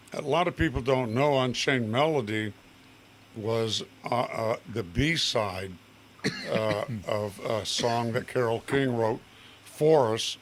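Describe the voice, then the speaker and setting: An older man, a guest singer, chatting in a relaxed, halting way with many pauses and restarts. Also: medium pitch, a little hiss or hum. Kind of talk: relaxed studio chat.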